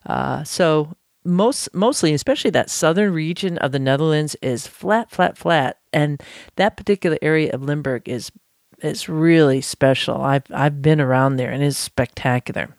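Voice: mid-range voice, moderate pace, creaky, no echo, studio quality. A podcast host talking casually and enthusiastically, chatty and loose, with frequent restarts and asides. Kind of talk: casual solo podcast talk.

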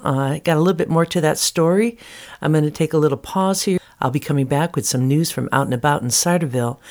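A woman hosting and introducing her podcast in a chatty, relaxed way, thinking aloud as she goes. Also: sits low. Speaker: podcast host and producer.

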